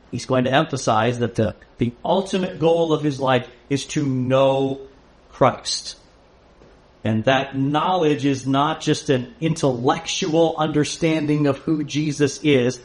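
Man, pastor, expository sermon, measured emphatic delivery, unhurried pace. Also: medium pitch. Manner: measured, deliberate teaching with emphatic pauses.

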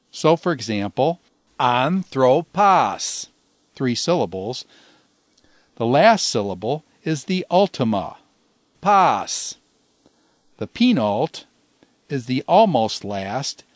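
A man's voice: medium pitch, darkish tone, dry recording. Patient man teaching, dry close sound. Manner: patient, slows down to sound out example words. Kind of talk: recorded language lesson.

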